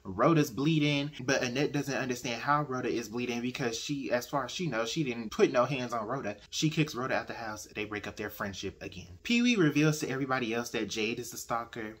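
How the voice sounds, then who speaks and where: Husky man retelling a novel. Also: mid-range voice, fairly quick, few pauses. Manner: animated, opinionated retelling. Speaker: book reviewer. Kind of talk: casual book discussion.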